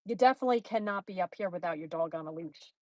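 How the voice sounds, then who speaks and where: On a morning walk through a mountain park, a woman hosts a live stream, chatting with viewers, reading their comments aloud and baby-talking to her dog. Her voice sits on the low side and moves fast, captured in a dry, studio-quality recording.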